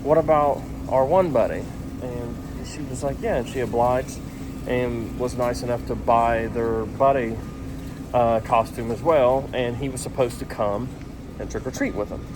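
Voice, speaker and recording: Dad vlogger, upbeat and joking, mid-pitched, on noisy handheld camera audio. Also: male voice, steady tone, a little slow. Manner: upbeat, joking, coaxing his kids. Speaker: vlogger and father. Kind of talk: casual family vlog chat. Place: outdoors trick-or-treating, then a store.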